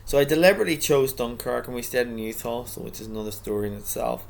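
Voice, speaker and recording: A middle-aged man reading his own story aloud in a relaxed, reflective way, stopping often for rambling asides and restarts. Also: mid-range voice, fast, creaky.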